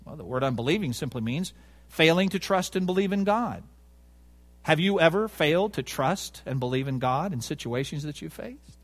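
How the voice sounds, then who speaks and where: A man preaching with a voice that climbs and falls widely, set a little higher than most men. He drives his points home with emphasis and repetition, and he puts rhetorical questions to the congregation. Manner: emphatic, rhetorical questions, stresses key words. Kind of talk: sermon.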